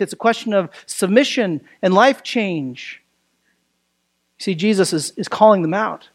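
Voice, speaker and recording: A man preaching a sermon as a pastor in a conversational way, with rhetorical questions and fillers like "you know" and "right". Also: sits high. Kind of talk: expository sermon.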